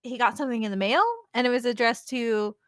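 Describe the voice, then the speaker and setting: A woman's voice: on the high side, steady tone, quick pace, a bit bright, smooth, no echo, clean studio sound. A middle-aged woman telling stories in a casual chat and laughing often. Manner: giggly storyteller, laughs often.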